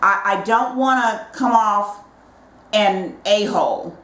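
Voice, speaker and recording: A woman's voice: mid-range voice, slow pace, a bit bright. A middle-aged woman, a mother co-hosting a casual TV recap chat, giving emphatic, opinionated takes. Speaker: co-host, mother. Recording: echoey room.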